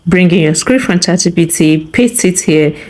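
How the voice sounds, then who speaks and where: A woman hosting a software tutorial, walking through steps and often checking in with a quick "okay?". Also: on the low side. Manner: instructive, tags remarks with "okay?". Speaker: tutorial host. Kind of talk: screen-recorded software tutorial.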